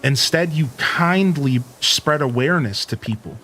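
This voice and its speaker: A man's voice: mid-range voice, moderate pace, a bit bright, soft background music. A man hosting a live stream, giving an earnest, preachy rant to his viewers with casual slang. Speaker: Twitch streamer and host.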